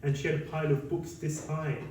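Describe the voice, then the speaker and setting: A man, a monk, telling lively stories in a talk and acting out what people said. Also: fairly high pitch, a little fast, slight background noise. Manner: lively anecdotal storytelling, acts out quotes. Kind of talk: storytelling talk. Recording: very echoey hall, mic at a distance.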